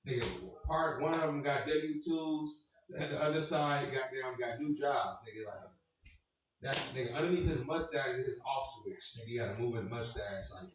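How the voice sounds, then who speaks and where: Profane young comedian in an echoey room. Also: male voice, medium pitch, moderate pace, noisy background. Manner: loose, profane, riffing with the crowd. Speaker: stand-up comedian. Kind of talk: stand-up comedy set. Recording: very echoey room, mic far off.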